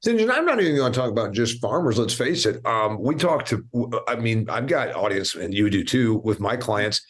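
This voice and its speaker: A man's voice: mid-range voice, very animated, normal speed. A man hosting an interview podcast who talks in a conversational, anecdotal way with blunt asides. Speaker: podcast host.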